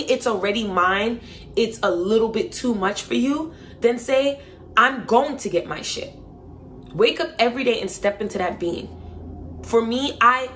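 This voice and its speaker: A woman's voice: medium pitch, fairly bright tone, a little hiss or hum. A woman vlogger giving an emphatic, repetitive motivational talk to her viewers, casual and swearing now and then.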